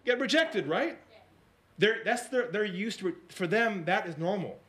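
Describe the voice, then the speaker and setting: A man giving a storytelling talk as a sales coach, dropping to a hush for quoted lines and rising high when excited, often asking the audience questions. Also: moderate pace. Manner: animated, swings between hushed quoted lines and high excited narration; repeats and restarts words, asks the audience questions.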